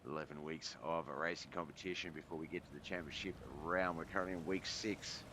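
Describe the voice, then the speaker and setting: A man with a low voice calls a sim race from his home streaming setup, easygoing and thinking aloud as he goes. His desk mic picks up a clear bed of noise behind him. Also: fairly even intonation, brisk. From Australia. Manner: laid-back play-by-play, thinking aloud. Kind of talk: sim racing commentary.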